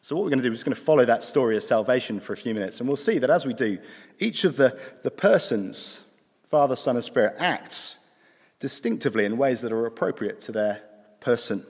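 A man preaching a sermon in a conversational way, with dry asides, slowing down for emphasis. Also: mid-range voice, lively intonation, slightly rough. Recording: long hall reverb.

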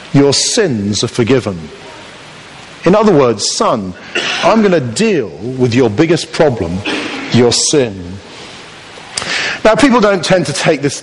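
A man preaching a sermon, telling the story with humour and acting out voices. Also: fairly high pitch. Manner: lively storytelling, acts out voices for comic effect. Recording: long reverb of a large hall.

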